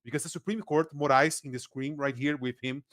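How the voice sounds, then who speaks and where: A man with a Brazilian accent giving sarcastic, animated political commentary in casual podcast chat, acting out quotes as he goes. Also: fairly high pitch, fairly quick, no room sound, clean studio sound. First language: Portuguese.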